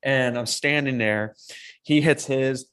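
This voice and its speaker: Animated young man telling a story. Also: mid-range voice, slow pace, clean tone. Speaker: podcast co-host. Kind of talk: casual storytelling chat.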